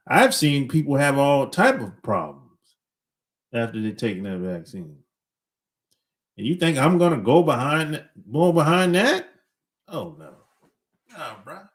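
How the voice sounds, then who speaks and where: Slow, laid-back middle-aged man, lively pitch. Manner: laid-back, chuckles between points, blunt slang. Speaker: podcast host. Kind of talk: casual opinionated monologue.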